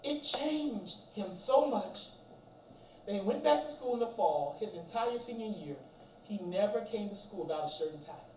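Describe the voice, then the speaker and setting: A man preaching at a chapel service, telling a long story with animated delivery and acting out the voices of the people in it. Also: high voice, moderate pace, slight background noise. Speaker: chapel speaker. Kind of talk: storytelling sermon. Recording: roomy echo from distance, faint ambience.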